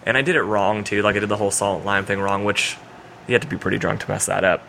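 A young man in his twenties, a podcast guest, telling a story in a casual, animated way and acting out the voices of the people in it. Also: lowish voice, fast, gravelly, slight background noise. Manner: animated storyteller, acts out quoted voices loudly.

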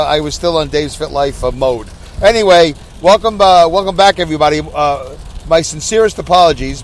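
A man hosting a podcast, rambling casually with lots of fillers and self-mocking asides, recorded in his car on a rainy drive. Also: fairly high pitch. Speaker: podcast host. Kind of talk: casual monologue while driving. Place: inside a car on a rainy highway. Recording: recorded in a moving car, faint road noise. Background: rain and road noise.

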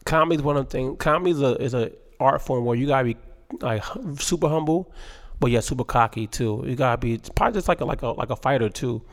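A comedian man telling stories about his early career in a casual interview, animated and laughing often, with lots of fillers. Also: mid-range voice, quick pace. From Baltimore. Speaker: guest comedian.

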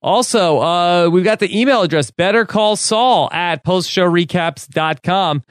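Smooth-voiced man hosting a podcast. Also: high-pitched, dry recording, studio quality. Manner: brisk, wraps up with plugs. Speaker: podcast host. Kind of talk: casual TV recap podcast talk.

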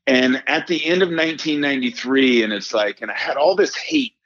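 A man's voice: mid-range voice, lively intonation, brisk, a bit bright, no echo, muffled recording. A middle-aged man telling a personal story as a podcast guest, earnest and emphatic, often repeating phrases and saying "man". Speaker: guest, performance coach and former pitcher.

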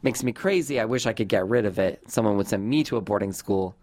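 A man's voice: on the low side, quick pace, a little mellow. A man from Southern California hosting a podcast, chatty and self-deprecating, saying "like" a lot. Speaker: podcast host. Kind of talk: casual podcast chat.

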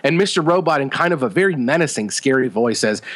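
A man co-hosting a casual chat, retelling scenes with animated enthusiasm and lots of fillers. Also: medium pitch, quick pace. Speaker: podcast co-host.

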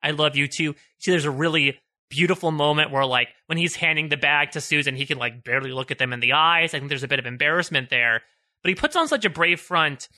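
A man's voice: fairly high pitch, expressive, fast talker, sharp tone. A man co-hosting a podcast, choked up and tearful, talking through a TV scene in an emotional, searching way. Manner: emotional, searching, restarts phrases. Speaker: podcast co-host. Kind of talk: casual discussion of a TV show.

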